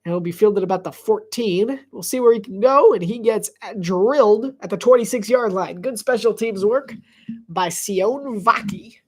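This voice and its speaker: A woman's voice: mid-range voice, normal speed. Congested woman giggling through play-by-play. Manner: chatty, giggly, easily distracted. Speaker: live game commentator. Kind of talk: casual live play-by-play commentary.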